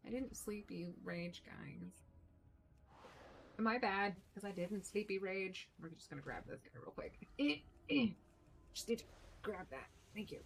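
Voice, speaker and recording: A woman streamer giving casual, excitable gameplay commentary, chatty and blunt, with some mild swearing. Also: medium pitch, unhurried, creaky, a little hiss or hum, low-quality recording. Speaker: game streamer.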